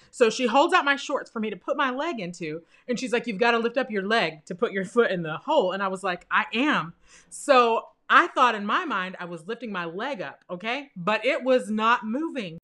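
A woman's voice: on the high side, fairly quick. A young woman telling a personal story with laughs, acting out the voices of the people in it. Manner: animated, laughs through the telling; acts out quoted voices in her story.

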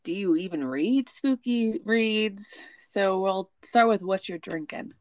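A woman hosting a casual book podcast, bubbly and quick to laugh. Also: mid-range voice, darkish tone, no echo, clean studio sound. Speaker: podcast host. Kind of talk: casual chat.

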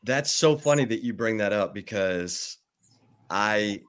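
A man hosting a sports talk show, telling stories lively and acting out what others said. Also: on the low side, unhurried, clean tone. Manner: animated storyteller, acts out quotes. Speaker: sports radio host. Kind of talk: casual chat.

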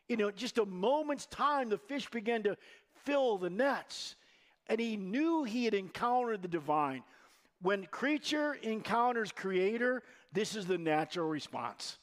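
A pastor delivering a sermon in a relaxed, conversational way, weaving in personal anecdotes. He is a man with a notably high-pitched speaking voice. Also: measured pace.

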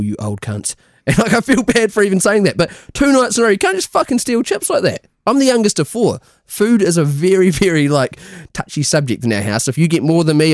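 A man's voice: a little high, dry recording, clean studio sound. Sweary New man telling a story. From New Zealand. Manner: swears constantly, laughs through his stories. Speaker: podcast co-host. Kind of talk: casual pub-style chat.

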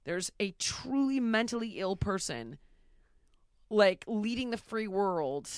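Woman, mid-pitch, blunt and lively anecdote-teller, swears freely, dry studio sound. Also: slow pace, clear, resonant tone, no room sound. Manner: blunt, profane, animated storyteller. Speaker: podcast host answering rapid questions. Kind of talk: casual conversational interview.

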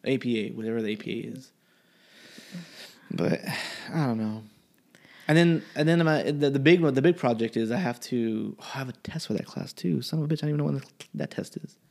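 Young college guy rambling and cussing, casual chat, regular pitch. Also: fairly quick, creaky, darkish tone. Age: young adult. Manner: rambling and profane. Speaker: college student.

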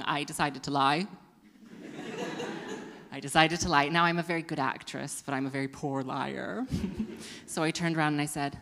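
A woman doing stand-up on a venue stage, her lower voice bright and forceful. She rambles, mocks herself and laughs at her own jokes, with a long reverb hanging behind her. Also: normal speed, long pauses. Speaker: comedy show host. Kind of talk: stand-up comedy. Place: performance venue with live audience.

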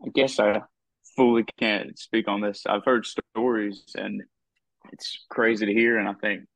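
A man co-hosting a podcast, speaking in a hesitant, halting way with a gravelly voice. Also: on the low side, steady tone, fairly bright tone, no echo. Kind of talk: casual conversational discussion. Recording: dull lo-fi dry sound.

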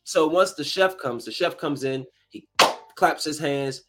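A man casually retelling a movie's plot in a rambling, animated way, acting out the characters' lines as he goes. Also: a little high, measured pace, loud music behind the voice.

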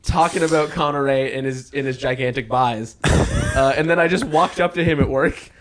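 A young man co-hosting a podcast in casual chat, teasing his friends with wry quick asides. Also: medium pitch. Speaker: podcast co-host.

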